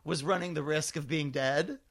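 A man co-hosting a podcast, telling animated anecdotes in casual chat, full of fillers. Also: fairly high pitch, normal speed. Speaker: podcast co-host.

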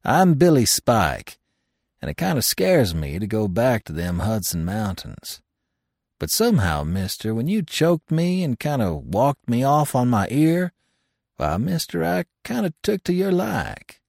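A man's voice: medium pitch, huge pitch swings, a little slow, creaky, a little mellow, dry recording, studio quality, voice pushed up, full character voice. Man doing a shy, mumbling young mountain guide. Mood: sheepish. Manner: mumbling, folksy drawl.

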